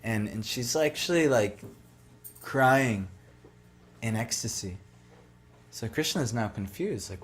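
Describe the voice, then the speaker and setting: Male devotional speaker, casual storyteller, mid-pitched, chatty and loose, heavy on filler words. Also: expressive, slow, pauses often. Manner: loose, conversational, lots of "like" and "you know".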